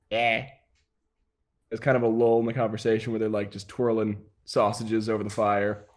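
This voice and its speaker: A man's voice: fairly low pitch, little pitch movement, normal speed. A man narrating as game master, rambling with many fillers and laughs. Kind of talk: improvised tabletop game narration.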